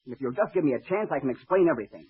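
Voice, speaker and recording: An eager young pilot who insists on his honesty. He talks fast in a very raspy, lively voice. The sound is tinny and muffled, like a 1940s radio broadcast. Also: on the high side. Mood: earnest.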